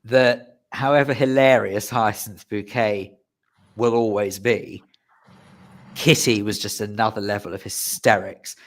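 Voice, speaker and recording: A man's voice: lowish voice, fairly even intonation, measured pace. A man hosting a radio chat show, talking in a chatty, digressive way and politely apologising when he wanders off topic. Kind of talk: casual showbiz chat.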